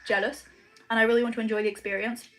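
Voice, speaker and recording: A woman's voice: fairly high pitch, level tone, very fast, a bit bright. A young woman chatting casually on a livestream from her room at home, rambling with lots of "like" and "um". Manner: chatty, rambling, says "like" and "um" often. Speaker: streamer.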